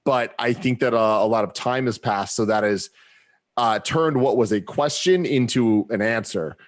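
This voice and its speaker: A man's voice: mid-range voice, normal speed. A man co-hosting a podcast, chatting casually and rambling with many fillers. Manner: rambling with many likes and restarts. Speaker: podcast co-host. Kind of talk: casual chat.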